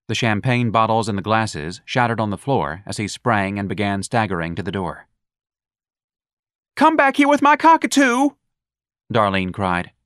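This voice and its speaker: In clean studio sound without any echo, a man reads a novel aloud for an audiobook. His voice sits on the low side and is a bit bright, and he narrates the script expressively.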